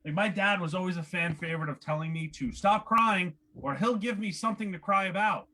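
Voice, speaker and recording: A man's voice: sits high, a little fast, sharp tone, a little hiss or hum. A man in his forties doing a brash, profane stand-up set at an open mic in a small comedy club. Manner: brash, profane, punchy delivery.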